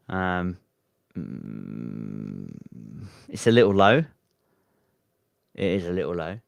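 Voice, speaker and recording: Low-pitched and gravelly, this man's voice comes through a dry, studio-quality recording. It's midnight at home, and during his casual livestream he reads chat and wanders through his thoughts, unsure and full of ums.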